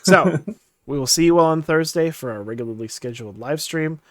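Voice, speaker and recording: A man's voice: fairly high pitch, fairly quick. A man co-hosting a podcast, signing off with joking, mock radio-announcer banter. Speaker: podcast co-host. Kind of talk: casual podcast sign-off.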